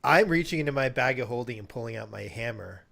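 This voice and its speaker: A man plays his character at a tabletop game with a gravelly, creaky voice. He laughs often between lines. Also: mid-range voice, animated, quick pace, fairly bright tone. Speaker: player.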